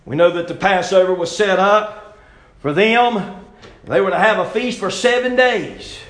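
A man preaching a folksy, impassioned sermon, swinging from loud exhortation to hushed intensity. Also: sits high, a little slow. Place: church sanctuary. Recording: very echoey church hall.

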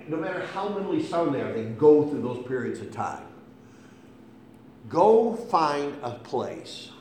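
A man preaching a sermon with impassioned delivery, swinging between hushed and loud. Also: medium pitch. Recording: echoey room, faint hum.

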